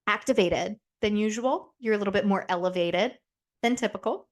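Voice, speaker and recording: A young woman talks through a solo podcast in loose, candid chat. She swears freely and slips into quick voices for the people in her stories. Her voice sits in a middle register. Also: mid-range voice, animated. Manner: chatty, candid and profane, acts out quoted voices. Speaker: podcast host.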